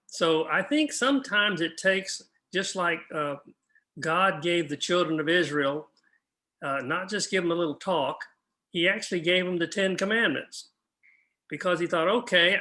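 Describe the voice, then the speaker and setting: A man's voice: a little high, bright, forceful tone. An older man teaching a Bible class in an earnest, practical way, often asking his listeners questions.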